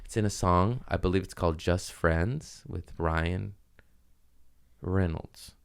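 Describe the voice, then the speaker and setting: Male podcast host, smooth resonant voice, loose profane comedic rambling. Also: sits low, no echo, clean studio sound. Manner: rambling, profane, jumps into quick mock voices. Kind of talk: casual comedic monologue.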